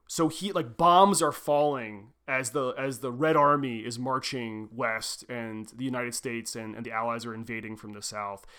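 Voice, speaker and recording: A young man co-hosting a podcast in a loose, rambling way. He sits at a middling pitch for a man and keeps circling back and correcting himself as he explains. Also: fairly bright tone, clear, resonant tone. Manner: rambling, self-correcting, frequent "like" and "um". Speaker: podcast co-host. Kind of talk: casual podcast discussion.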